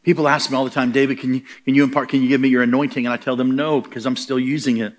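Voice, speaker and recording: A man's voice: medium pitch, level tone, racing. A middle-aged man preaching a sermon, telling stories and acting out the voices he quotes, building to emphatic punchlines.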